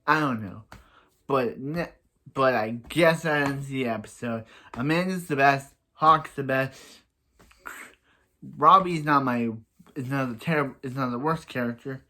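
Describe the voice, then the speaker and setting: A young man talks through a TV episode in an easy, unscripted way. He gets excited and rambles, and he keeps breaking off and restarting his sentences. His voice sits at an ordinary middle pitch for a man. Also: a little slow, long pauses. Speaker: fan reviewer. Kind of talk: casual episode review.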